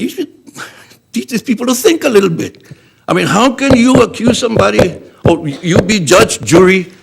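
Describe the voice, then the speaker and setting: A man's voice: sits high, creaky, husky. An older man speaking in public comment at a school board meeting, upset and emphatic, apologizing for speaking so strongly and running out of breath.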